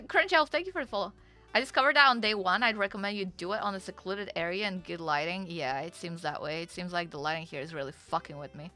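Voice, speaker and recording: A woman streaming a game, chatting casually, excitable, swearing, and answering chat. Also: lowish voice, fast talker, soft background music.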